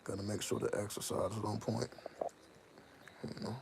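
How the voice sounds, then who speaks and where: Man, gravelly low voice, rambling casual monologue, slangy, restarts often, clear background noise. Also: normal speed. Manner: rambling, self-interrupting, heavy slang. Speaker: channel host. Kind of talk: casual personal monologue to viewers. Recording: steady audible background noise.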